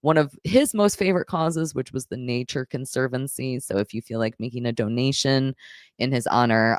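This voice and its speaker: Low-voiced profane woman streamer, dry sound. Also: dry recording. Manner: blunt, profane, reads viewer messages aloud. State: emotional. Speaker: live stream host reading super chats. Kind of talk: casual live stream chat.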